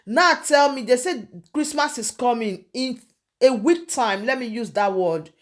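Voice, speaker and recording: Slow, emphatic woman on news. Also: on the high side. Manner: emphatic, repeats key phrases. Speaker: news commentator. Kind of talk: reading and commenting on news.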